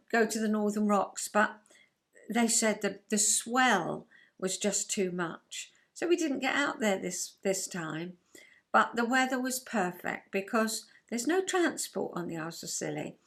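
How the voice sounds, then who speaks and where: Talking casually to camera, this older English vlogger rambles enthusiastically and laughs from time to time. Her mid-range voice is animated and fairly bright, and she speaks a little slowly.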